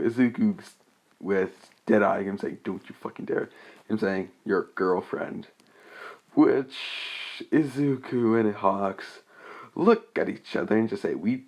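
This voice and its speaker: A man's voice: on the low side, a little mellow. A young man casually recapping a fan-made story, rambling and hesitant, with many restarts and fillers.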